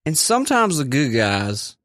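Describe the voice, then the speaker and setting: A man playing a shifty male pizza tycoon posing as a Belgian gentleman, evasive and sleazy, calling everyone boy, in an improvised comedy sketch. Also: medium pitch, huge pitch swings, unhurried, no room sound, clean studio sound. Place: studio.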